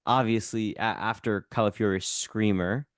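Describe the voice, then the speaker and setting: A man with a fairly low voice co-hosts a casual football podcast, teasing and joking as he goes. The recording is dry and close, with little room sound. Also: fairly even intonation, moderate pace, no echo. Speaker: podcast co-host.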